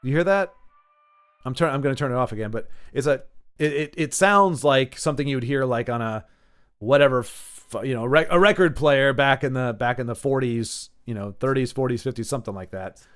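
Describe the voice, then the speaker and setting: A man's voice: mid-range voice, fairly quick, fairly bright tone. A man giving casual, chatty commentary while playing a card game, thinking aloud and going off on tangents. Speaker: gaming YouTuber.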